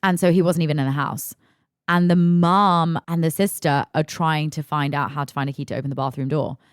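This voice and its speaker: A woman, a podcast host telling a story in an animated, emphatic way and swearing freely. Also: low-pitched, fairly quick, clean tone, no room sound, clean studio sound. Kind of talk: casual storytelling.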